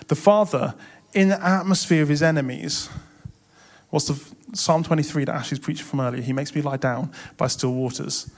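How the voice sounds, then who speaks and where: A man's voice: fairly high pitch, brisk. A young man preaching a sermon in a church, impassioned and building to emphatic swells.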